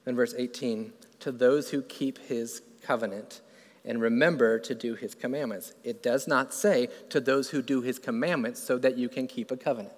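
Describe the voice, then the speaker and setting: A man preaching a sermon who asks the congregation questions and builds from quiet to loud and fervent. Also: medium pitch, steady tone, moderate pace, in a large hall.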